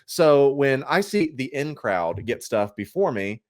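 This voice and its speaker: Animated ranting man, lively pitch. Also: unhurried. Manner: animated ranting, mimicking others in a whiny voice. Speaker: podcast guest, collector. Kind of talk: casual podcast chat.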